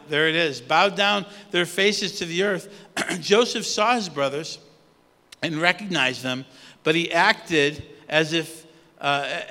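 High, bright-voiced man preaching in a hall. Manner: conversational, halting with fillers and restarts. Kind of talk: sermon. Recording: long hall reverb.

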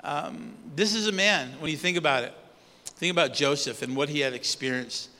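High, bright-voiced man preaching in a hall. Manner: conversational, halting with fillers and restarts. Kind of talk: sermon. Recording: long hall reverb.

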